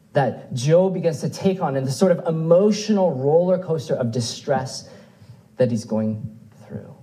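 A man delivering a sermon with a mellow, warm tone and a slightly raised pitch. He speaks earnestly, leaning into quotations and lifting his voice for emphasis before dropping it low. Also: rough recording. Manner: earnest, rising and falling emphasis, quotes scripture aloud. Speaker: pastor.

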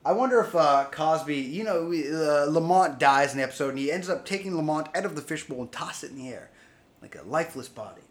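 A man's voice: a little high, expressive, quick pace. Crude joking young man. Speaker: podcast co-host. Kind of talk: crude casual banter. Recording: echoey room.

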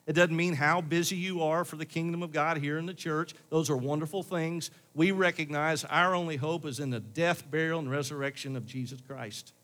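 A man's voice: fairly high pitch, fairly even intonation, moderate pace, few pauses, fairly bright tone. A male pastor preaching a sermon in church, building to pleading questions.

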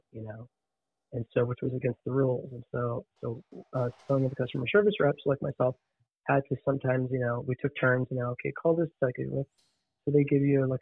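A man of middle pitch tells a story in easy conversation, animated and restarting often. His voice comes through a tinny phone line with no room around it. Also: no echo. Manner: animated, restarts and repeats words. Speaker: podcast guest. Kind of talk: casual storytelling.

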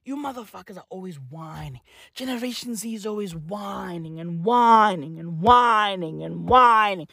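Young male vlogger, high and lively voice, dry close sound, swearing rant. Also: moderate pace, creaky, no room sound. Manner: loud, animated, slangy, swears a lot. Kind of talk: profane comic rant.

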